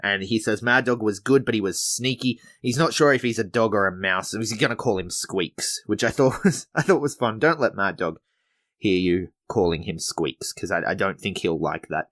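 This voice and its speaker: A man's voice: lowish voice, normal speed, a bit bright. A man hosting a wrestling podcast, recapping episodes in a chatty, laid-back way with frequent restarts. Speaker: podcast host reviewing wrestling shows. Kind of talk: casual recap commentary.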